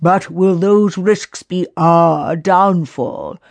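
Woman voicing a grumpy storybook council elder, stubborn and scornful, unhurried. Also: on the low side, gravelly, darkish tone, no room sound, exaggerated voice. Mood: doubtful. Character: stern doubtful elder of a magic council.

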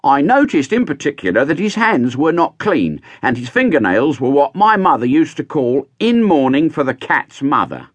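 Storybook figure: fussy formal grievance-monger voiced by a male narrator, high and wildly sing-song, dry. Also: big pitch swings, moderate pace, hardly any pauses, no echo. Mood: aggrieved. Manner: formal, fussy, precise wording. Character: prim, pedantic aggrieved man recounting arrest.

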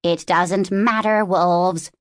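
A woman voicing a sharp-tongued young male raven in an audiobook, with a raspy, clipped delivery. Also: on the low side, fairly even intonation, slow, dry recording, clean studio sound. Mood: mocking.

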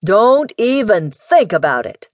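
A woman voicing a gruff, protective older male professor who scolds his grown daughter, with her voice raised in pitch. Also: very animated, slow, dry recording, highs cut off. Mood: stern. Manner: scolding, bossy.

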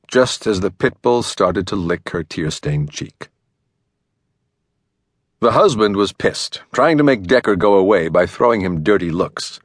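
Expressive low-voiced male narrator. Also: dry recording. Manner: dramatic, expressive reading. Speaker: audiobook narrator. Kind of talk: scripted narration. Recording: dry studio recording.

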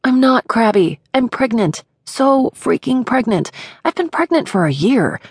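A woman's voice: fairly high pitch, sing-song, measured pace, breathy edge, no echo, studio quality, voice pushed up, full character voice. A woman narrator voicing an exasperated, heavily pregnant young woman who rants in an audiobook. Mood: ranting. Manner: ranting, exasperated. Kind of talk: audiobook character voice.

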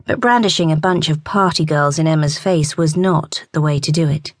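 A woman narrating a romance audiobook in a measured storytelling manner. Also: low voice, no echo, studio quality.

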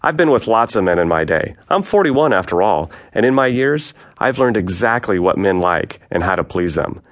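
A man putting on a slow, coaxing Trinidadian woman. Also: on the low side, lively intonation, close to an everyday voice. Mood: confiding. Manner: slow, soft-spoken, coaxing.

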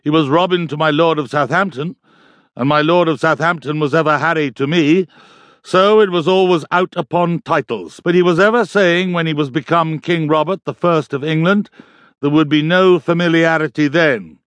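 A man narrating a novel in a theatrical, lively reading on a close studio mic. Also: a little high, moderate pace, no echo. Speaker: audiobook narrator. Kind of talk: scripted narration.

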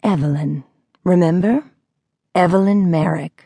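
A woman narrator voicing an unhinged woman caller who mocks and threatens slowly, in a sinister tone. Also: fairly low pitch, gravelly, warm tone, breathy edge, no room sound, full character voice. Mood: sly. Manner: mocking, slow and sinister.

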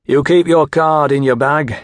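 A man voicing a smooth, cold gentleman from Manchester with a Mancunian accent, slow and superior in manner. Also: a little high, fairly even intonation, no echo, lightly acted. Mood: smug.

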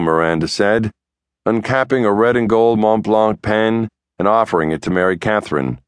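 A male audiobook narrator with a fairly low voice reads a thriller in the first person. His delivery is steady and measured, recorded dry and close with no room echo. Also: clear, resonant tone.

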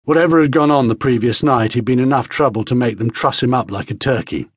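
A man narrates an audiobook in a measured, vivid storytelling manner. His voice has a husky texture at a middle pitch. The close studio recording is dry. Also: dry recording. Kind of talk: scripted narration.

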